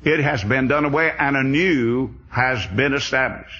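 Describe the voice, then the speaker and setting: Male preacher, husky voice, dull lo-fi old tape sound. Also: mid-range voice, a little slow, pushed and bright. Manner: earnest expository preaching. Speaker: Bible teacher. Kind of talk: sermon. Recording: dull lo-fi recording.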